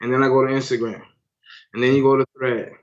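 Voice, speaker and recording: Talking fast in a mid-range voice with little variation in pitch, this podcast co-host keeps the chat casual and slangy. He addresses the listener as "son" and "B," and the sound quality is dull and lo-fi.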